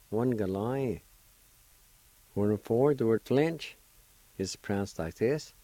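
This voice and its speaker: A middle-aged man teaching a language lesson on radio, spelling and pronouncing words slowly and carefully, syllable by syllable. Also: on the low side, dark tone, no room sound.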